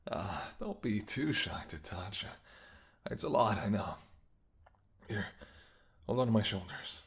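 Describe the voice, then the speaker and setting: A smug, flirtatious vampire purrs in a low, soft murmur, teasing his captive in a whispered role-play, as a man acts him out. His lines slip between hushed seductive talk and breathy whispers. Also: very animated, takes it slowly, long pauses, heavily acted. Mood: hungry. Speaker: voice actor.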